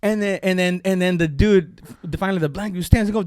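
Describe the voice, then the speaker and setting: A man co-hosting a comedy podcast, telling a long street story in casual chat and acting out the shouted lines of the people in it. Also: high-pitched, quick pace, few pauses, clean tone, dry recording, studio quality. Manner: animated storyteller, acts out shouted quotes, profane. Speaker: podcast co-host.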